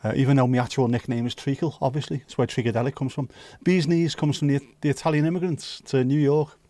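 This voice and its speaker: Sweary jokey Brummie livestream host. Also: male voice, medium pitch, fairly even intonation, dark tone, no echo. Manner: banter with sweary jokes and quick asides. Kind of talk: casual chat with viewers. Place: home livestream setup.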